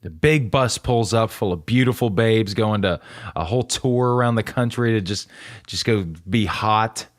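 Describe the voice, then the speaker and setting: A man co-hosting a casual movie podcast, teasing his partner and swearing freely. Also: normal speed. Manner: lively, profane, teasing banter with swings in pitch. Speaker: podcast co-host.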